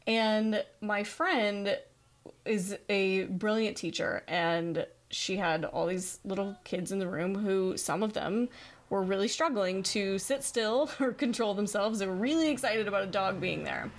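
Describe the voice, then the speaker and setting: A woman's voice: medium pitch, unhurried. Earnest woman podcast host. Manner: earnest, storytelling, reads listener questions aloud. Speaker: podcast host and dog trainer. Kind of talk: solo podcast monologue.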